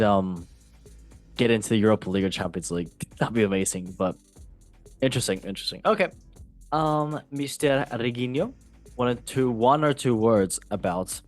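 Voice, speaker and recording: Chatty, jokey male podcast host. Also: fairly low pitch. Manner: chatty, jokey, trips over words. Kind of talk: casual podcast news chat.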